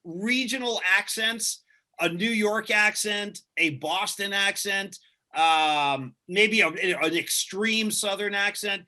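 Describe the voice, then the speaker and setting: A man's voice: sits high, sharp tone. A man who works as a radio host, answering interview questions in an earnest, casual way and often repeating himself for emphasis.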